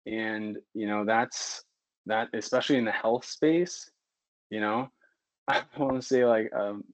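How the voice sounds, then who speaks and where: A man who is a physician, guest on a podcast, talking candidly and getting animated and heated as he goes. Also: on the low side, a little slow, dry recording, poor audio. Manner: candid and animated, works himself into heated rants. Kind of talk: casual podcast conversation.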